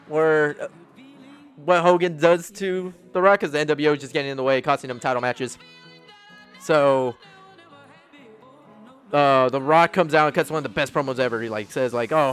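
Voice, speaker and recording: A man's voice: fairly high pitch, clean tone. A man hosting a casual podcast, rambling through stories and acting out quotes with frequent laughs. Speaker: podcast host. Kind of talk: casual wrestling chat.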